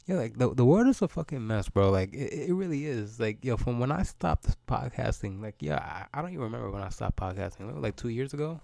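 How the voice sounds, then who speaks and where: A man's voice: medium pitch, lively intonation, a little fast, creaky, few pauses, a little mellow, dry recording. A man, hosting a solo podcast and ranting in a loose, profane, rambling way, often repeating words as he goes. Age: 30s. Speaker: podcast host.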